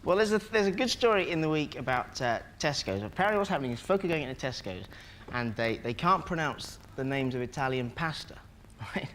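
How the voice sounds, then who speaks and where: A man's voice: mid-range voice, lively intonation, a little fast, a little hiss or hum. A man telling comic stories as a chat show guest, acting out little scenes. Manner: jokey, acts out little scenes. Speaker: comedian guest. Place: TV studio with audience. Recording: loud audience laughter in a studio. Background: studio audience laughing.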